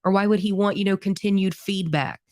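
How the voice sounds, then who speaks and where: A woman's voice: medium pitch, steady tone, fairly quick, darkish tone, no room sound, clean studio sound. A woman in her thirties co-hosting a band podcast in a chatty, rambling, friendly way. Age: 30s. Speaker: band singer and podcast co-host. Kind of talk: casual podcast chat.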